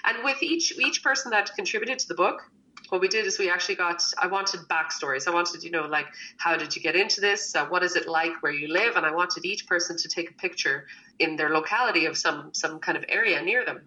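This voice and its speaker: A woman's voice: fairly low pitch, fairly quick, pushed and bright, dull audio. A woman chatting casually, telling a story and animatedly quoting what other people said. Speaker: guest, baker and cookbook author. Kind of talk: casual chat.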